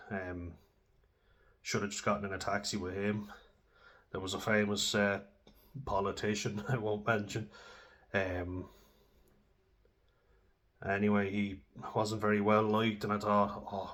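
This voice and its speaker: A man's voice: lowish voice, fairly bright tone. A young Irish man telling candid, sweary stories about his own drinking, casual and self-deprecating. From Ireland. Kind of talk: candid personal storytelling.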